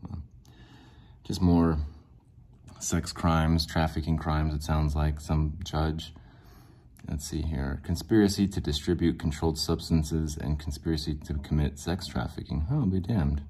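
Deep-voiced man ranting casually. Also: steady tone, unhurried, mellow. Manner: rambling, sarcastic, fillers and restarts. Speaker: podcast host. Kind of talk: casual solo rant.

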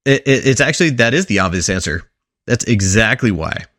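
A man's voice: fairly low pitch, lively intonation, fairly quick, fairly bright tone, dry recording, clean studio sound. A man on a podcast, presenting a history segment in casual chat, telling it like a story and quizzing his co-hosts along the way.

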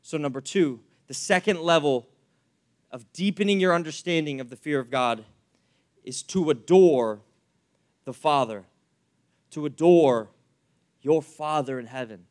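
Young male pastor, high voice, lively preaching with anecdotes. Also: normal speed. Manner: animated, acts out anecdotes, many fillers. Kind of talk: sermon with storytelling.

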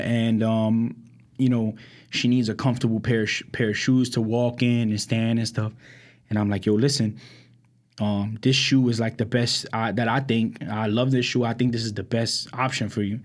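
A young man from Brooklyn, a podcast co-host, tells stories at a moderate pace in a mid-range voice during a casual chat. He acts out quotes with animation and fills gaps with many "like"s and "um"s.

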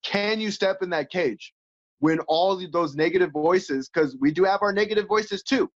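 A man's voice: sits high, normal speed. A man who fights and coaches, talking candidly as an interview guest and acting out quoted voices with laughs. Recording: slightly dull, lo-fi sound.

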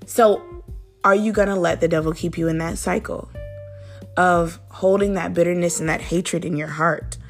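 A woman hosts a daily devotional, teaching earnestly in a conversational way and addressing the listener directly. Her fairly low voice keeps a fairly even intonation at a moderate pace, with soft music playing behind her.

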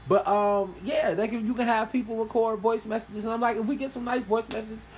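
A man co-hosting a podcast, chatting loosely with lots of swearing and joking shoutouts. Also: high-pitched, fairly even intonation, a little fast, slight background noise, poor audio. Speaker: podcast co-host. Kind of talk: casual banter.

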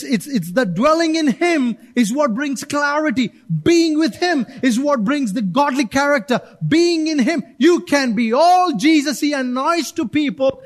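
With a remarkably high voice, the pastor delivers an animated sermon, his style lively and conversational. Quick acted-out voices alternate with direct appeals to those gathered in church.

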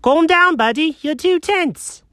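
A man voicing an excitable, goofy young guy who loves telling silly jokes in a homemade comedy skit. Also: moderate pace, dry recording, clean studio sound, full character voice. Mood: insistent. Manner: squeaky, bouncy, silly.

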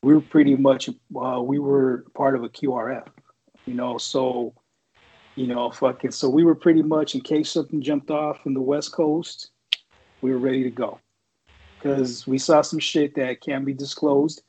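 A man's voice: medium pitch, steady tone, normal speed, dark tone, husky. A former Marine man telling a story in a casual, rambling, profane way. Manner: profane, rambling, laid-back. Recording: dull lo-fi audio.

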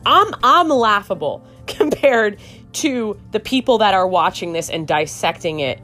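A woman's voice: mid-range voice, animated, measured pace, bright, forceful tone, soft background music. A woman hosting a true crime podcast, giving outspoken, rambling commentary with swearing and many restarts. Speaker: podcast host.

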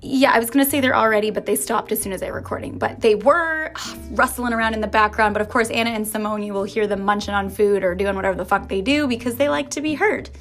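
A young woman hosting a casual solo podcast, chatting loosely with lots of fillers and swearing, her speech softened by a slight lisp. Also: mid-range voice, quick pace, faint music behind. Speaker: podcast host.

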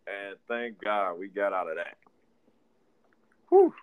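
Animated Detroit man telling stories. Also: lowish voice, takes it slowly, clear, resonant tone. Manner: animated storyteller, laughs often, acts out quotes. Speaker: podcast co-host. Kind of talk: casual storytelling chat.

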